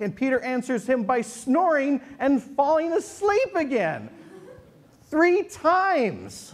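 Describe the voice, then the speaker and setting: His voice is extremely high and sing-song, and he speaks slowly. This male pastor delivers a sermon before a congregation in a church sanctuary, cracking jokes and sharing stories in a conversational style.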